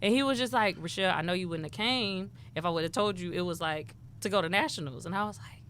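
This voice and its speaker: A woman from Houston, a rapper and poet telling lively stories as an interview guest and acting out what people said. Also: fairly low pitch, fast talker, slight background noise. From Houston, Texas. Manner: animated storyteller who acts out quoted dialogue. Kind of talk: casual interview chat.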